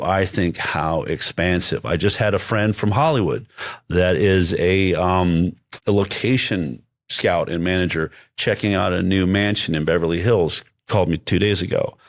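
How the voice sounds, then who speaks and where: A man's voice: deep voice, no echo, clean studio sound. A man speaking as an interview guest in casual conversation, emphatic and often restarting his sentences.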